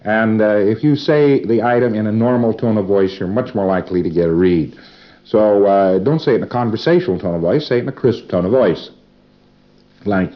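A man's voice: lowish voice, moderate pace, muffled recording. A man giving an informal lecture to a class, rambling in a folksy way with asides and chuckles. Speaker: lecturer reviewing students' work.

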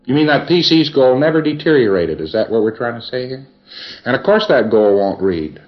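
A man's voice: medium pitch, very animated, a little fast, dull audio. A man giving a rambling, folksy lecture, reviewing sessions for a class with chuckles and asides.

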